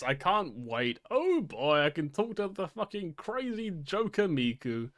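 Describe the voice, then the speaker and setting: A man casually commenting on and reading lines from a visual novel demo, excitable, swearing and often stumbling over his words. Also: sits high, a little slow, few pauses. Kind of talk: casual let's-play commentary reading dialogue aloud. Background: game music.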